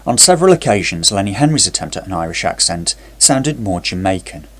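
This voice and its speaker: A man's voice: low-pitched, very animated, a little fast, fairly bright tone. A man narrating a scripted TV review in a sarcastic, critical way.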